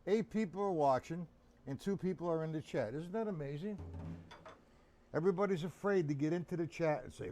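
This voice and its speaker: A man's voice: a little high, fairly quick. A man teaching drums on a live stream, counting beats aloud and talking casually to his viewers. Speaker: drum teacher. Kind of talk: live-streamed drum lesson. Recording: drum kit loud behind voice. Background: drums and metronome.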